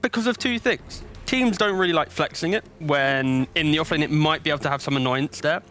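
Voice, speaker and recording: Bright-voiced esports analyst man. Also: a little high, a little fast. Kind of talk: live esports desk analysis.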